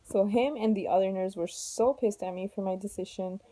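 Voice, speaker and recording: A woman's voice: mid-range voice, brisk, dark tone. A young woman vlogging at home, chattily retelling a story with lots of "like" and "blah, blah". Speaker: mom vlogger. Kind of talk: casual storytime vlog. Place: at home with her kids nearby.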